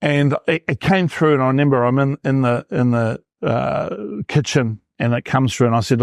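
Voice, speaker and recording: A man's voice: mid-range voice, steady tone, moderate pace, gravelly, few pauses, dry recording, studio quality. A New Zealand man in his fifties, a performance coach telling his story in an interview and acting out his past thoughts. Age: 50s.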